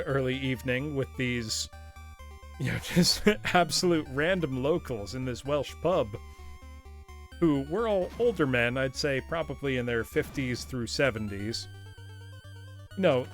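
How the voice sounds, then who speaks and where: An American man hosting a live game stream, telling a story casually and laughing often. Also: mid-range voice. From United States. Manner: chatty storyteller, laughs often, reads chat aloud. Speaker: streamer host. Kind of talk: casual live-stream chat while gaming.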